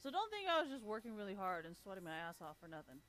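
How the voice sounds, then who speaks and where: A woman's voice: mid-range voice, sing-song, fast, a bit bright. A woman livestreamer delivering a blunt, sarcastic, heavily profane rant. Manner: blunt, sarcastic, swears constantly. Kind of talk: profane ranting monologue.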